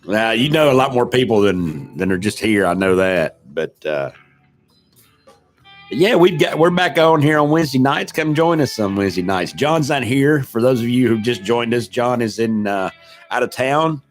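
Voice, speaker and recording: A man's voice: medium pitch, expressive, normal speed, faint music behind. A middle-aged man, hosting a casual live stream, rambling and self-deprecating as he greets viewers in the chat. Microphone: desk microphone.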